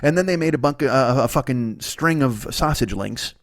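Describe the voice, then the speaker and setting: A man in his forties hosting a comedy podcast, riffing through a profane, excitable monologue. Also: medium pitch, normal speed, no echo. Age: 40s.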